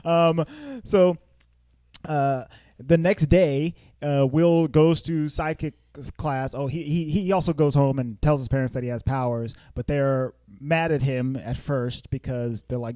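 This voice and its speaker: Man, podcast host, casual movie chat, dry close sound, quick laughs, goofy character voices. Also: fairly even intonation, dark tone, dry recording. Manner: laughs often, acts out characters in high silly voices.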